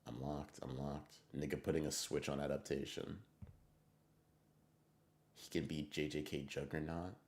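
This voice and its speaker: Man with a very deep voice, casual livestream chat, excitable, rambling, swears a lot. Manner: excitable, rambling, swears often, quick bursts. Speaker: streamer. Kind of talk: casual livestream chat reading viewer messages.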